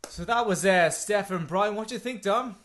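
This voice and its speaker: An enthusiastic, chatty man hosting a casual podcast. His voice sits a little higher than most men's. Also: normal speed, a bit bright. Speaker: podcast host.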